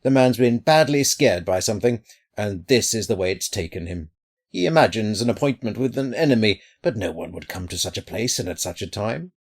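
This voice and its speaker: A man voicing a practical, puzzled young man who talks briskly and tries to soothe. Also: on the low side, animated. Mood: soothing.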